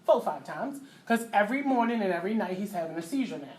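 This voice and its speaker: A middle-aged woman, telling a personal story as a mother. She talks in a lively way, acting out voices and sound effects with loud bursts. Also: medium pitch, fast talker. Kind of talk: animated storytelling to an audience.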